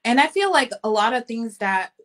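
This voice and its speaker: A woman's voice: a little high, very animated, normal speed, a bit bright. A young adult woman co-hosting a casual podcast chat, giving frank advice and calling listeners honey. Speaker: podcast co-host.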